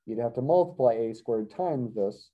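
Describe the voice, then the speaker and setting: A man's voice: mid-range voice, lively intonation, normal speed, lo-fi sound. A middle-aged man teaching a college math class, thinking aloud with wry asides and self-corrections. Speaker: math professor. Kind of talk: classroom lecture.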